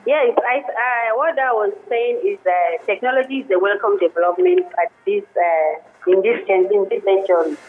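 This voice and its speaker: A woman, a lawyer guest on a radio show, speaking haltingly with many restarts. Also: medium pitch. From Nigeria. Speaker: guest, women's rights lawyer. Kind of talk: radio interview by phone. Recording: phone line into radio studio.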